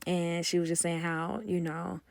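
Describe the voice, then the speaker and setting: A woman telling a casual storytime, acting out quoted dialogue with animated gossipy energy, close to a phone mic. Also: lowish voice, normal speed, vocal fry, no room sound. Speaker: nanny vlogger.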